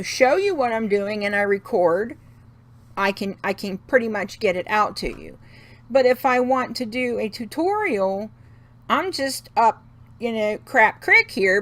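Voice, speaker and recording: A woman's voice: a little high, a bit bright. A middle-aged woman hosting a craft video, talking in a casual, folksy way and venting with frequent laughs. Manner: talkative, folksy, laughs often while venting. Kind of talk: casual chatty vlog rant.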